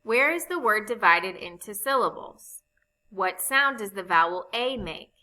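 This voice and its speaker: A woman teaching a recorded phonics lesson, explaining spelling rules slowly and patiently. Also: medium pitch, animated, sharp tone, poor audio. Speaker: reading teacher.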